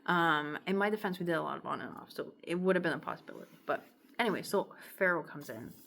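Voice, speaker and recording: A woman's voice: fairly low pitch, animated, quick pace, gravelly, a little hiss or hum. Chatty woman with an itchy throat. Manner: rambling and chatty, heavy use of "like", softening into murmurs when emotional. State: throat itching. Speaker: songwriter sharing her lyrics. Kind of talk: casual talk to camera, reading lyrics aloud.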